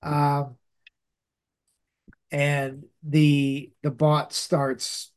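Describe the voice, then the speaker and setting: Slow, rambling man recapping a comic. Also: a little high, completely flat delivery, smooth. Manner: rambling, many fillers and restarts. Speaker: podcast host. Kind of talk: casual comic book recap.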